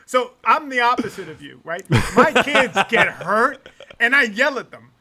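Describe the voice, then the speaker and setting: A man co-hosting a podcast in casual chat, excitable and freely swearing, often laughing. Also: extremely high pitch, normal speed. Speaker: podcast co-host.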